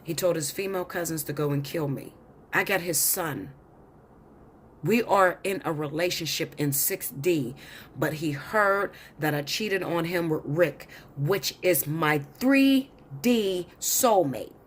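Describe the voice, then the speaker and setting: A woman tarot reader with a deep voice tells a long story in an unhurried storytelling monologue, blunt, profane, and insistent. A little hiss or hum is audible.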